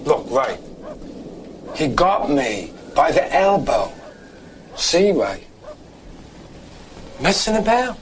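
A man's voice: fairly high pitch, big pitch swings, extremely slow, long pauses, slight background noise, full character voice. An actor playing a chatty man with a put-on Cockney accent, telling a story about a dog-racing bet in a film scene. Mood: storytelling. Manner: storytelling, addresses listener repeatedly. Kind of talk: film dialogue.

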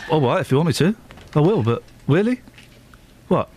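A man's voice: fairly high pitch, sing-song, normal speed, darkish tone, a little hiss or hum. A man hosting a radio show, bantering playfully and teasing his co-hosts in mock-serious tones. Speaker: radio host. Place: radio studio.

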